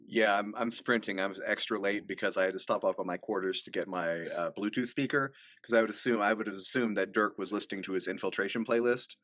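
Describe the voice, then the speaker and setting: A man's voice: lowish voice, fast, hardly any pauses, a bit bright, no echo. A man playing a tabletop game, rambling in a goofy in-character way. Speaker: player. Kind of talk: casual tabletop role-play chat.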